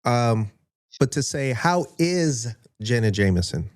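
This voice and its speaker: Relaxed male podcast host, dry sound. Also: mid-range voice, slow, clean tone, dry recording. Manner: relaxed, fills with "you know" and "um". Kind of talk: casual interview.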